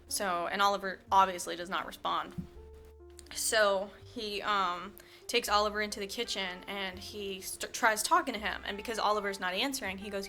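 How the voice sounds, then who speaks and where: A woman with a bright voice and a mid-range pitch tells a movie plot in casual podcast chat. She is animated and uses lots of fillers. She acts out the characters' lines as she goes, with faint music underneath. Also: moderate pace. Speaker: podcast co-host.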